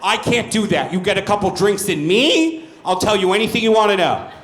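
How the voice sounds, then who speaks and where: A man's voice: high voice, animated, a little fast, fairly bright tone, slight background noise. A male stand-up comedian performing a brash, profane, self-mocking set on a comedy club stage. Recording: roomy comedy club sound.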